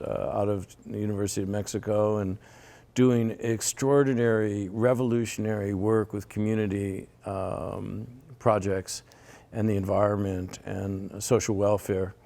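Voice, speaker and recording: A man's voice: lowish voice, creaky, warm tone. An older man telling a long personal story in a rambling conversational way, repeating words and laughing often. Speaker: interviewee.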